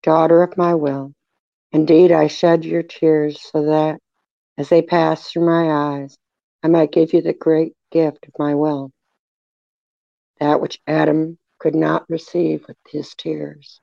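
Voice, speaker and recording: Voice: mid-range voice, gravelly, dry recording, dull audio. A reader voicing Jesus, sorrowful and tender. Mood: gentle. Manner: measured, even delivery. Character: sorrowful man speaking as Jesus, tender and grieving. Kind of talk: devotional reading aloud.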